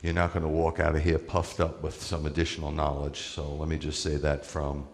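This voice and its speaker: A rabbi preaches in a relaxed, conversational way and leans hard on his key points. His voice is very low, and a long reverb trails each phrase, as in a large hall. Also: brisk, creaky. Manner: conversational, emphatic preaching with asides to the congregation. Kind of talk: sermon.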